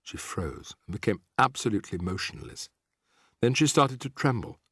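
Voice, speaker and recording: A man reading a children's story aloud as a lively, expressive audiobook narrator. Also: mid-range voice, moderate pace, husky, dry recording, studio quality. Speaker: audiobook reader.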